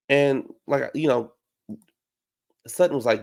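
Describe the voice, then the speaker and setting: A man giving a casual, sassy recap of a reality show, slipping into high mocking voices to act out what people said. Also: normal speed. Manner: dramatic, sassy, slangy, acts out quotes in high mocking voices.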